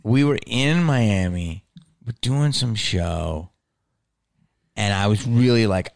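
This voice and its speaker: A male comedian in casual chat, telling a story in a profane, animated way. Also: lowish voice, takes it slowly, vocal fry, pauses often.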